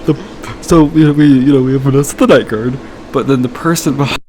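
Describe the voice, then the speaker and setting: A man's voice: mid-range voice, fairly even intonation, fast, a little mellow, slight background noise, rough recording. A man co-hosting a podcast, playful and teasing, often laughing as he talks. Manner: playful, teasing, laughs through his words. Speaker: podcast co-host. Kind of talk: casual chat.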